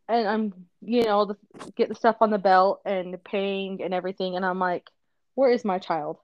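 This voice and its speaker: A woman co-hosting a parenting podcast, telling a lively story in casual chat, acting out quotes and laughing often. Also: medium pitch, unhurried, pauses often, no echo, lo-fi sound. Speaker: podcast co-host, mother.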